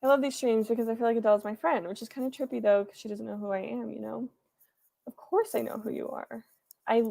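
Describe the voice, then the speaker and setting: A woman's voice: a little high, fairly even intonation, quick pace, vocal fry, mellow. A young woman hosting a writing livestream from her room, chatting casually and playfully as she reads out chat comments. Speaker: livestream host.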